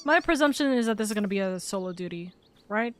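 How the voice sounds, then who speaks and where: A woman streamer chatting casually while she plays, offhand and swearing a little, her voice hoarse because she has lost it. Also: medium pitch, animated, fast talker, faint music behind. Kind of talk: casual chat while gaming.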